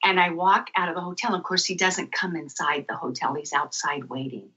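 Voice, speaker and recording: A woman guest on a radio talk show, telling a lively personal story and acting out the dialogue in it. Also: fairly low pitch, a little fast. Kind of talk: storytelling interview. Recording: muffled lo-fi radio audio.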